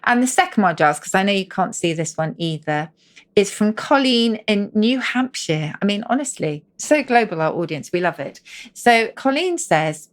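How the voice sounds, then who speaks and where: Lively woman explaining word origins. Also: mid-range voice, moderate pace. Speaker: co-host. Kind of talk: casual podcast chat about words.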